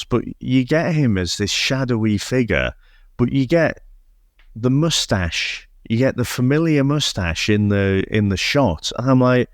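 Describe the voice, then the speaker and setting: A man's voice: mid-range voice, no room sound, studio quality. A man co-hosting a casual film podcast, talking with enthusiasm, laughing often and swearing freely. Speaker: podcast co-host. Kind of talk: casual chat.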